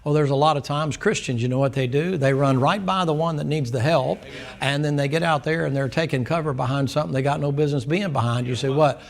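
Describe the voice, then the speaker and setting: Man preacher, gravelly, slightly raised pitch, folksy storyteller who quizzes his class. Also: quick pace, hardly any pauses. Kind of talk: Sunday school sermon.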